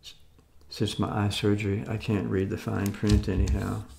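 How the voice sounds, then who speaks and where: A man's voice: lowish voice, completely flat delivery, normal speed, gravelly, warm tone, slight background noise. A man in his seventies from the United States, showing off his groceries in a rambling, folksy way with mildly skeptical asides. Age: 70s. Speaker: food vlogger. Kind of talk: casual grocery haul show-and-tell.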